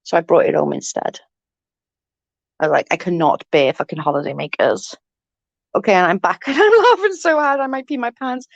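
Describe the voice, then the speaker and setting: Her fairly low, gravelly voice is animated and a touch fast as this woman in her forties rambles through a casual home livestream chat, laughing often and swearing liberally. The lo-fi recording is dull and dry with no room sound.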